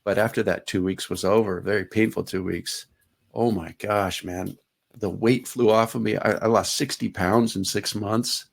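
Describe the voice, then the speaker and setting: A middle-aged man, a guest on a talk show, telling personal stories in a relaxed way. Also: lowish voice, normal speed, creaky. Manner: relaxed, anecdotal. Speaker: guest speaker. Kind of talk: casual storytelling in an interview.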